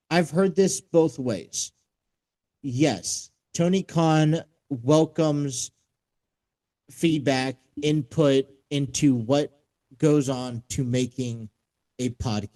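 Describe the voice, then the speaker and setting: A man hosting a sports talk show, reading out a news story and commenting on it, halting with many fillers and restarts. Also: a little high, mellow, low-quality recording.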